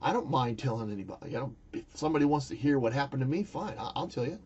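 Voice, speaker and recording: Older male vlogger, husky and mellow, meandering monologue with restarts, dull lo-fi sound. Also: medium pitch, animated, rapid-fire. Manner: rambling, searching for words, frequent restarts. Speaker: YouTuber recounting a spiritual experience. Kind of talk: casual monologue to camera.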